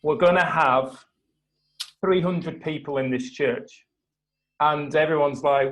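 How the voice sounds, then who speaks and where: A man hosting a live video call, retelling a story with lively acted-out quotes and a few restarts. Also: fairly high pitch, unhurried, long pauses, rough recording. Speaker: host of a mastermind call.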